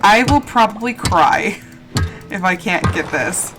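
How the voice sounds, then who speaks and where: A woman's voice: medium pitch, expressive, takes it slowly. A woman streaming a video game live, talking to herself as she plays, pleading with the game and cheering herself on. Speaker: gaming streamer. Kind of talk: live gameplay commentary. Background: game music.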